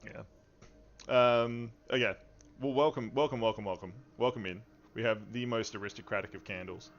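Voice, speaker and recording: A man's voice: lowish voice, steady tone, moderate pace. A man hosting a livestreamed tabletop game as game master, playful and rambling as he welcomes players and chat. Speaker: game master and stream host. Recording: dull lo-fi stream audio.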